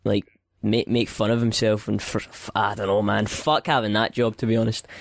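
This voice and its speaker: A man's voice: fairly low pitch, little pitch movement, moderate pace, gravelly, no echo. A man co-hosting a casual podcast chat, musing aloud and swearing casually. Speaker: podcast co-host. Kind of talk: casual live-stream chat.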